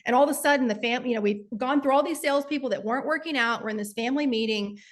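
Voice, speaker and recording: Her voice sits high and the words come rapid-fire. A guest sales coach from Texas, she tells motivational stories in an earnest, emphatic way, calling her audience "y'all."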